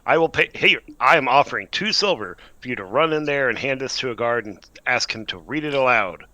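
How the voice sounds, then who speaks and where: Bright-voiced man playing a tabletop game. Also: mid-range voice, animated, a little fast, dry recording. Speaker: player. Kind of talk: in-character play in a tabletop game.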